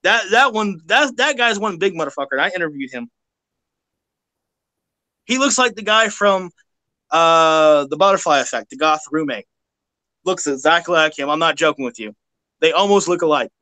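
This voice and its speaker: Bright, blunt Southern man. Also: on the high side, lively intonation, moderate pace, pauses often, no room sound. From Kentucky, US South. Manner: blunt, profane, laughs loudly, stammers with repeated words. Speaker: live stream co-host. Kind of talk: casual live-stream chat.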